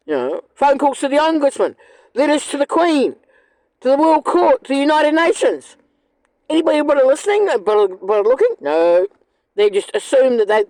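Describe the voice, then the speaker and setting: Kiwi woman ranting mad, swears a lot, bit high voice, dry sound. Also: a little mellow, no room sound, low-quality recording. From New Zealand. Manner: angry, blunt, profane. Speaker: vlogger. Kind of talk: ranting monologue.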